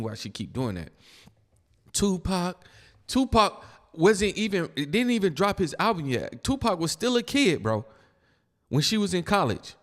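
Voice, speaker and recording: A man commenting bluntly and mockingly on video clips. His voice sits fairly high and swings up and down a lot. The recording carries a long hall reverb. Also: a bit bright. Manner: blunt, mocking, keeps saying "bro". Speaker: reaction video host.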